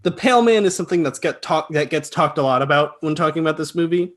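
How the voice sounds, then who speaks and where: A young man co-hosting a podcast, calmly recapping film scenes in a matter-of-fact way. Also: fairly high pitch, fast. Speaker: podcast co-host. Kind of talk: casual film review chat.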